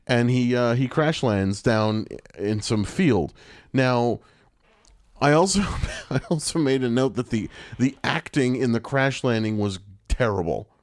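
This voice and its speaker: A man's voice: medium pitch, unhurried, dry recording. A man co-hosting a podcast, recapping a TV episode in casual chat, laughing often and acting out lines. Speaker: podcast co-host.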